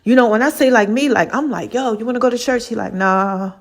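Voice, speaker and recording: A woman with a fairly high voice talks straight to her listeners in a loose, chatty storytelling style. She is lively and expressive and keeps acting out old conversations line by line. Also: quick pace. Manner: animated, acts out both sides of conversations; chatty, addresses listeners as baby and child. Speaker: podcast host. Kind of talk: casual storytelling monologue.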